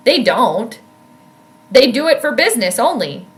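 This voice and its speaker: Young woman, animated fan-commentator streaming from home, bright higher voice, loud reactions. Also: unhurried. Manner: animated, yells at plays, chatty with viewers. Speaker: sports commentator and astrologer streaming live. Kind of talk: casual live game commentary. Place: home room with space heater.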